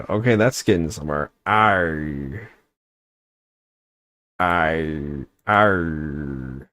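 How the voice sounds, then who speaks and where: A young man rambles and jokes his way through a game livestream, often breaking off mid-thought. His voice sits very low and his pace is slow and drawn out, with a close, dry sound. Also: a little mellow, no echo. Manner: rambling, joking, self-interrupting. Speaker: streamer. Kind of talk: casual gaming livestream chat.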